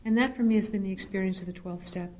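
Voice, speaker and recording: A middle-aged woman giving a personal testimony at a recovery meeting. She tells her story in an animated, earnest way and shifts into spiritual reflection. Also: fast talker, a little hiss or hum. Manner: animated storyteller, swings to high excited re-enactment. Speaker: speaker sharing at a recovery meeting.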